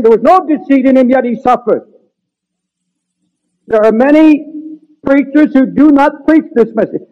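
A man preaching a sermon in an earnest, pleading manner that builds to raised, urgent emphasis. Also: very high voice. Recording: dull lo-fi sermon recording.

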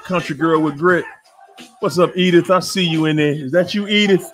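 A man's voice: fairly high pitch, soft background music. A man hosting a live stream, greeting viewers in the chat one by one and hyping them up, still sweaty after a workout. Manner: hypes up viewers, drawn-out shout-outs. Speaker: livestream host.

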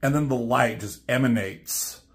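A man casually retelling a comic's story as a reviewer, chatty and animated. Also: medium pitch, measured pace. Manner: animated, chatty, many fillers.

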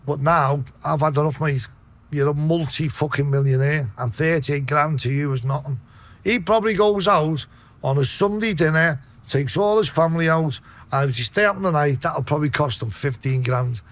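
A man's voice: on the high side, moderate pace. A man from Liverpool with a Liverpool accent, telling a story as a podcast guest, blunt and full of swearing. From Liverpool, England. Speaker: podcast guest, debt collector.

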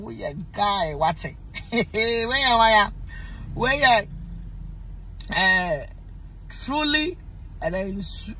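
A woman with a Ghanaian accent hosting a casual livestream, animated and teasing, pleading with viewers and swinging between laughter and mock crying. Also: a little high, slight background noise. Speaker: livestream host asking viewers for money.

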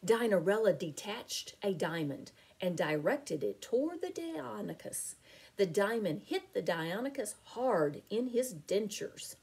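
Give me a woman slowly reading a storybook aloud, animated and mellow. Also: mid-range voice, breathy edge. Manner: expressive, deliberate. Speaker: teacher reading a picture book aloud. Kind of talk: storybook read-aloud narration.

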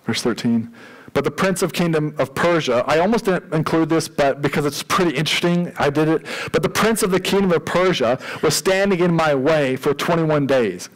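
Male pastor giving a sermon, casual and lively, cracks little jokes, highish voice. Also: poor audio. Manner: conversational, animated, jokey asides.

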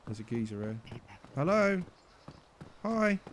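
A young British man commentating his gameplay in a cheeky, joking way. When nobody recognises him he gets loud and exasperated. There is a faint hiss under his voice. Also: a little high, big pitch swings, slow. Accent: British English. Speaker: gaming YouTuber.

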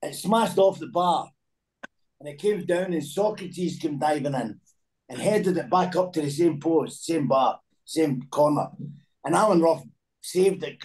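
A Scottish man in his sixties with a slightly high voice chats loosely and tells stories. He laughs through them and often repeats words as he goes. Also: lively intonation, unhurried, darkish tone, poor audio. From Scotland. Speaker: former footballer guest. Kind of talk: casual chat, storytelling.

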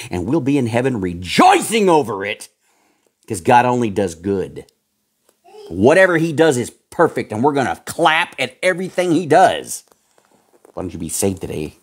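A male pastor preaching a fiery sermon, dropping to low growls and rising to high shouts, with folksy slang. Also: husky. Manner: folksy slang, calls listeners pal and folks.

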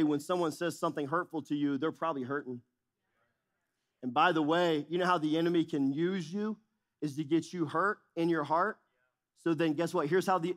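A man's voice: fairly high pitch, fairly bright tone. A middle-aged male pastor preaching a sermon in a church, emphatic and repetitive, asking the audience questions. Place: church auditorium.

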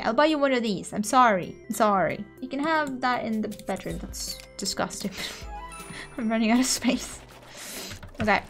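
A young adult woman giving let's play commentary, excitable and quick to gasp and squeal at what happens in the game. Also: fairly high pitch, vocal fry. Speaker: gaming YouTuber.

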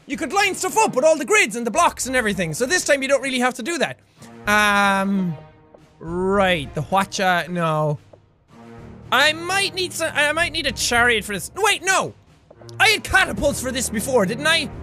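An Irish man narrates a game with a very high, bright voice that leaps around in pitch. He gets loud fast and yells and curses at the screen. Soft music plays under him. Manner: loud, swings to shouting and cursing. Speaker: gaming YouTuber. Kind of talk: excitable let's play commentary.

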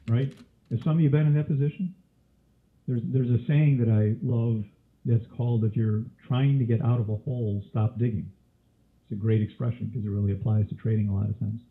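A man teaching a live trading webinar, quizzing his listeners with question after question, with a cough and a scratchy throat. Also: medium pitch. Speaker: trading instructor. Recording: tinny phone-like audio.

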